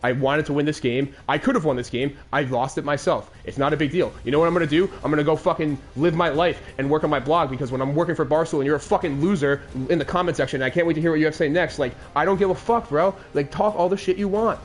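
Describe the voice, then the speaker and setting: A man's voice: fairly high pitch, quick pace, few pauses. A man in his twenties hosting a game commentary show, recapping a lost Madden game in a crude, aggrieved rant. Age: 20s.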